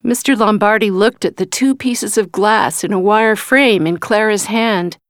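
A woman reading a story aloud in a slow, careful, clear way. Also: medium pitch, no room sound, studio quality. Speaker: reader.

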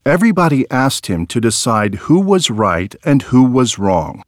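A man narrating a storybook tale in a slow, expressive reading. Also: mid-range voice, no echo, studio quality.

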